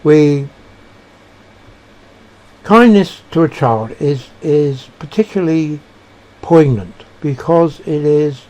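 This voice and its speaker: A man giving a reflective monologue, halting and searching for words with frequent restarts. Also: on the high side, a little mellow. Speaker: speaker sharing personal beliefs.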